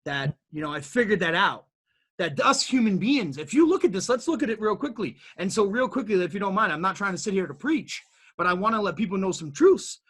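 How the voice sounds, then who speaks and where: A man being interviewed as an entrepreneur, telling his story in an animated, motivational way that builds to emphatic peaks, with frequent repeated words and restarts. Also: sits high, fairly quick, slightly rough. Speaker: guest entrepreneur.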